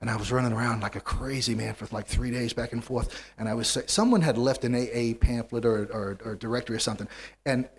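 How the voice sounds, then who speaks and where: A man telling his own story to a room of listeners, dry and wry in his humor. His voice moves between loud bursts and quiet, low stretches, with a middling pitch. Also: fast talker, slightly rough. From United States. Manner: animated, wry storyteller, swings from loud to hushed. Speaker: speaker sharing his recovery story. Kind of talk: storytelling talk to a live audience.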